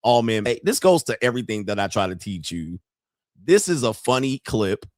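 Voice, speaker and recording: A brash man coaches on dating while reacting to clips on a live stream. His voice swings wildly up and down, loud and mocking. The sound is dry and close to the mic. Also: lowish voice, very animated, normal speed, no echo.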